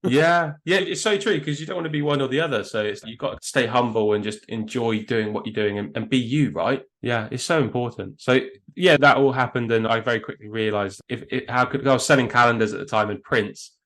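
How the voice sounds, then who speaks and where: A man's voice: medium pitch, fairly quick, hardly any pauses, fairly bright tone. A man with a southern English accent talking casually in a podcast interview, enthusiastic and self-deprecating, often restarting his words. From England. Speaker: guest photographer.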